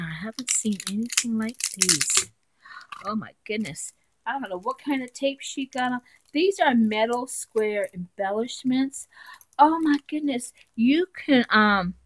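A woman's voice: on the high side, poor audio. A woman vlogger chatting casually as she unboxes craft supplies, gushing and talking to her viewers. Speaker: craft vlogger reviewing a swap.

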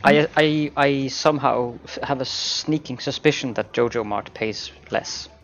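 A man's voice: mid-range voice, unhurried, a bit bright, muffled recording. A man hosting a co-op let's-play, chatting casually with dry, wry remarks.

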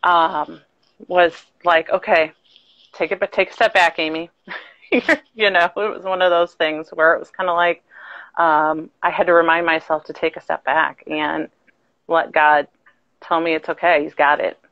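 Woman, video call guest, earnest heartfelt testimony, lowish voice, dull dry audio. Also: level tone, unhurried, dry recording. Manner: earnest, heartfelt, tumbling phrases with soft laughs. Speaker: guest caller. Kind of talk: emotional personal testimony.

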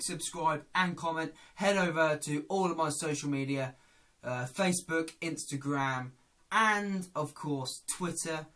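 Vlogger, man, chatty and self-deprecating, unhurried delivery. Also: a little high, a bit bright. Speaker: YouTuber. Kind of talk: casual vlog.

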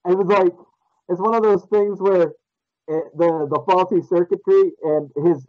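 Excitable high-voiced male player. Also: normal speed, lo-fi sound. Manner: excitable, laughing between words. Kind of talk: tabletop game chat.

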